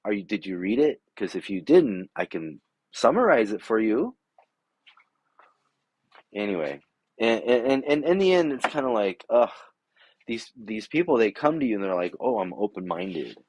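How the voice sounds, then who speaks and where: A man's voice: lowish voice, big pitch swings, moderate pace, pauses often, darkish tone, husky, no room sound. A middle-aged man telling a story in a casual, rambling way, exasperated, acting out both sides of an argument. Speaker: vlogger. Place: home garage workshop.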